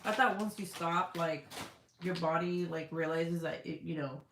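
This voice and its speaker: A woman's voice: lowish voice, normal speed, fairly bright tone, a little hiss or hum. A young woman on a casual live stream, chatting loosely with heavy swearing, lots of fillers and frequent laughter while she reads comments. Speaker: vlogger reading live chat. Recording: roomy echo.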